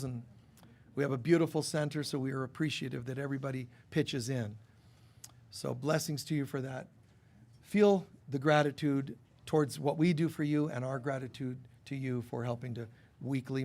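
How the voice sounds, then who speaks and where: A man preaching a spiritual sermon with a somewhat high voice. He talks in a lively, animated way and acts out the voices he quotes. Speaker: spiritual teacher. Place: church hall.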